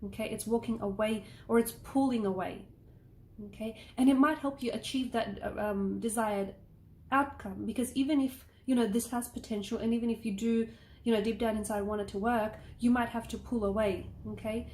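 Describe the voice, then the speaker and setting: This tarot reader has a fairly high, steady, slightly mellow voice and talks at an ordinary pace. Her casual reading wanders and comforts, punctuated by frequent "okay?" check-ins, captured in an echoey room with faint noise.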